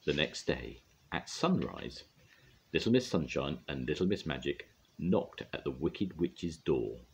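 An older man gently and expressively reading a children's story aloud. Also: rumbling low, very animated, unhurried, a little hiss or hum. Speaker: storyteller grandad.

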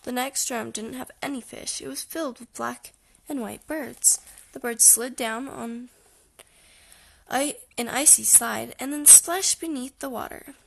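Soft-spoken woman reading a children's story. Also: a little high, measured pace, gravelly. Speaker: audiobook reader. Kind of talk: children's story read aloud.

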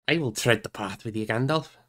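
A man's voice: mid-range voice, a little fast, fairly bright tone, natural voice. A man reading aloud voices an eager, loyal male dwarf. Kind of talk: audiobook reading.

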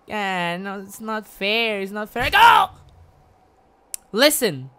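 A woman's voice: mid-range voice, sing-song, slow pace, pauses often, fairly bright tone, clear, resonant tone. A woman streaming a video game with live commentary, exasperated, swearing and repeating words in bursts.

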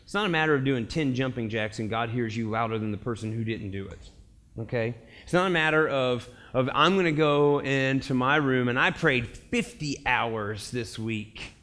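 A man's voice: mid-range voice, normal speed. A young man giving a casual, conversational sermon as a pastor, telling stories and acting out quotes. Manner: animated storytelling, acts out quotes, laughs often. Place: church sanctuary.

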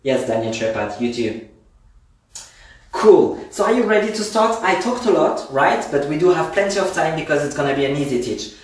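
A man's voice: fairly high pitch, animated, normal speed. A man from France with a French accent, teaching a line dance class from home in a chatty, effusive way and counting the steps aloud. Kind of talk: live-streamed dance class. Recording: roomy echo, mic at a distance.

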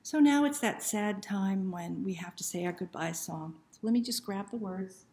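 A woman hosting a children's story time, talking gently and encouragingly to young children, sometimes dropping to a soft whisper. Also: mid-range voice, moderate pace, roomy sound.

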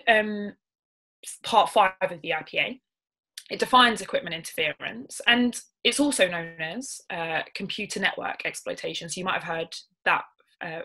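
Woman, young, lower voice with a sharp bright edge, careful explainer on a video call. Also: rough recording. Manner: careful, explanatory, with many ums and restarts. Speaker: barrister presenting a legal webinar. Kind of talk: webinar presentation.

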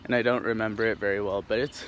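Fast and steady, with a lowish, slightly bright voice, this young Pacific Northwest man rambles through a casual vlog, using many fillers and restarts as he walks through a neighborhood. He comes from Tacoma, Washington, USA, and there's faint outdoor background noise.

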